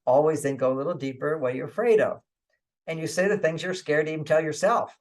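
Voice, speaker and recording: Gravelly-voiced man giving relationship advice. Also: on the high side, a little fast. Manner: chuckles often, repeats points and says 'okay'; acts out inner voices in quotes. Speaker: guest relationship author. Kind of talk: conversational advice in an interview.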